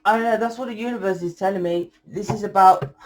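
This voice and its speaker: Blunt, forceful woman reading tarot. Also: mid-range voice, fast talker. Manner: forceful, blunt lecturing with frequent swearing. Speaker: tarot reader. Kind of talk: channeled tarot reading to camera.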